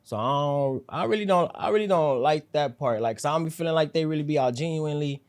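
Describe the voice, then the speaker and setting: A man being interviewed as a rapper, talking low and mellow, almost whispering, in a loose, laid-back way full of slang and fillers. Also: fast talker. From South Central Los Angeles. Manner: loose slang-heavy talk with frequent fillers. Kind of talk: casual interview chat.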